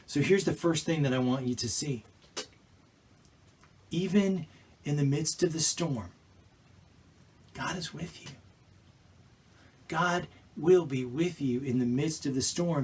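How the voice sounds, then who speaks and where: A male pastor preaching a sermon in an animated way, acting out scenes and restarting phrases mid-sentence. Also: mid-range voice, a little hiss or hum. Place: church.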